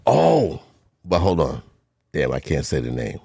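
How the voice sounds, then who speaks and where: A man hosting a casual podcast chat, telling childhood stories in an animated way with squeaky impressions. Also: moderate pace, slightly rough, no echo, clean studio sound. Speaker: podcast host.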